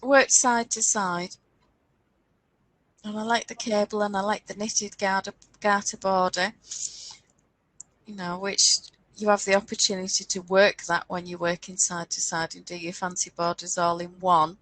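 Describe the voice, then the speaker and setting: A woman's voice: medium pitch, little pitch movement, normal speed, fairly bright tone, low-quality recording. A woman co-hosting a casual chat about knitting patterns, thinking aloud and stumbling over designer names. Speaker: podcast co-host.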